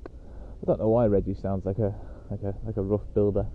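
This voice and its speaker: This podcast host talks fast in a lowish, level voice while walking his dog outdoors, rambling on his own with lots of fillers. There's slight background noise, and the audio sounds tinny, like a phone.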